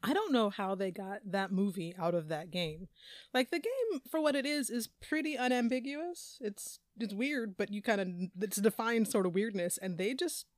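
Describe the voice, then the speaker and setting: Lively, candid woman podcast co-host, expressive and dry-sounding. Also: medium pitch, moderate pace, no echo. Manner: animated, laughing, candid. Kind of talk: casual podcast chat.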